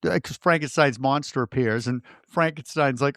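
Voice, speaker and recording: A man's voice: medium pitch, moderate pace, fairly bright tone, no room sound, clean studio sound. A man co-hosting a podcast in casual film talk, playful and enthusiastic, quoting characters in put-on voices. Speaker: podcast co-host.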